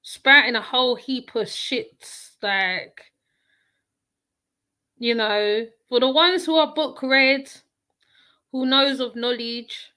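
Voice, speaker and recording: A woman talks through a reaction commentary, blunt and rambling, circling back to the same point again and again. Her voice sits a little high and rings bright and forceful. She sounds unscripted and conversational. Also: slow, pauses often. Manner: blunt, rambling, repeats herself.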